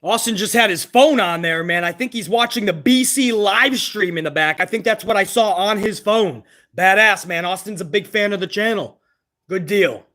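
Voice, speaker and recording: A man's voice: high voice, normal speed, bright, forceful tone. A man hosting a live reaction stream, commenting on wrestling with exasperated, profane rants.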